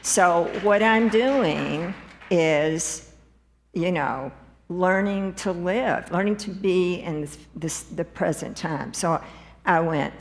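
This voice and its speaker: A woman from the congregation sharing a personal testimony in an earnest, unhurried way. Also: on the low side, long reverb tail. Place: church sanctuary.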